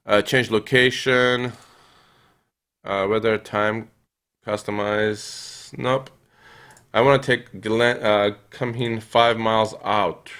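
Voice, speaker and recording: Bright-voiced young male game streamer. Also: on the low side, slow, clear, resonant tone. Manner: reads and answers viewer chat while playing; thinks aloud with many fillers, bursts into excited yells. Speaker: gaming streamer. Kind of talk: live gameplay commentary.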